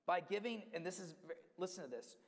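A man's voice: sits high, animated, a little fast. Guy preaching a sermon, emphatic, repeats his words, long echo like a big hall. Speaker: pastor.

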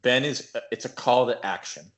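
A young man in casual podcast banter, relaxed and wry as he riffs on a story. His pitch sits in the middle and he speaks at an everyday pace. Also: moderate pace. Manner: laid-back, joking banter. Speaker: podcast co-host. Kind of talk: casual chat.

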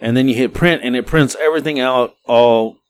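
A man's voice: medium pitch, fairly quick, smooth. Middle-aged dude rambling through a story on a podcast, laid back, keeps restarting his sentences. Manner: rambling, relaxed, restarts a lot. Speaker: podcast co-host. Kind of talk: casual storytelling chat.

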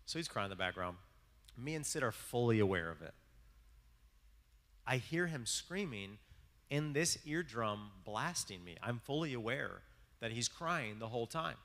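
A man's voice: mid-range voice, fairly bright tone, long reverb tail. A man preaching a casual sermon, telling a family story in a rambling, self-mocking way with many restarts. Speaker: pastor. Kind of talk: conversational sermon.

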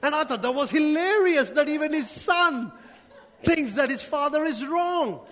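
A man's voice: very high-pitched, lively intonation, moderate pace, fairly bright tone. A male pastor preaching a sermon, asking the congregation questions and joking with them along the way. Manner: preaching with rhetorical questions and humorous asides to the congregation. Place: church hall. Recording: long hall reverb.

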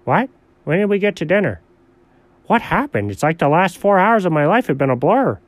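A man's voice: high-pitched, sing-song, normal speed, dry recording. A man voicing Alfred, a forgetful, sneaky man who stammers and loses his words. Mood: bewildered.

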